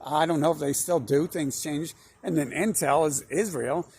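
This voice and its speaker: A man's voice: on the high side, moderate pace, creaky, a little mellow, slightly rough. A young man talking in a long, rambling monologue, full of fillers, restarts and swearing. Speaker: channel host.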